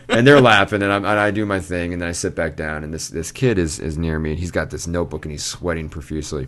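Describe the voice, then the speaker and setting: A man's voice: low voice, quick pace, a bit bright. A man co-hosting a casual podcast, telling a long rambling story with frequent laughs. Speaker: podcast co-host. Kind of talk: casual chat.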